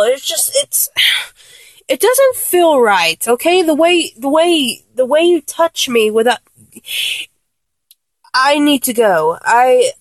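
Woman VA as a young woman, flustered and blunt, slow and drawn out, lively pitch. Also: no echo. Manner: exasperated, swears a lot, stammers. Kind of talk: one-sided audio role-play.

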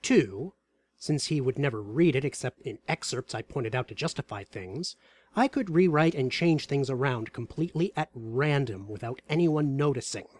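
A man reading aloud a story about a tabletop game session in a wry, deadpan way. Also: mid-range voice, normal speed.

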